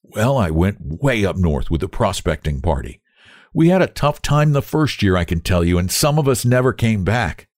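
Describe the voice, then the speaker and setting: A man's voice: lowish voice, big pitch swings, normal speed, no echo, studio quality. A man voicing a grown brother back from prospecting, telling his tale in a sober, hearty way. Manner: warm, sober storytelling. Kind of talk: audiobook character voice.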